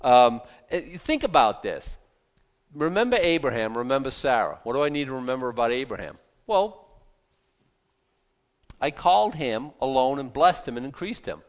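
A man preaching a Bible sermon in a conversational, animated way, often restarting and breaking into asides. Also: medium pitch, moderate pace. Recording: long hall reverb.

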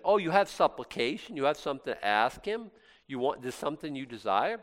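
Animated male preacher with lively pitch. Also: fairly quick. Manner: animated, swinging from loud exclamations to soft intimate asides. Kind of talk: sermon.

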